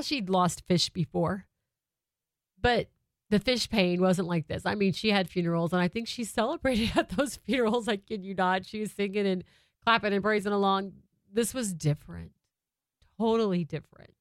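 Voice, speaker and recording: A woman's voice: mid-range voice, no room sound. A woman in her thirties telling a heartfelt personal story about her family in a conversational way, close to a microphone. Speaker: mother sharing a family story.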